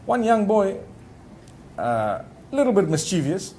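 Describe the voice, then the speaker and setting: A man giving a conversational Islamic sermon, talking directly to his listeners in a relaxed way with frequent asides. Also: high-pitched, measured pace, slight background noise. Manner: relaxed, talks directly to the audience with frequent "you know". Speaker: Islamic preacher.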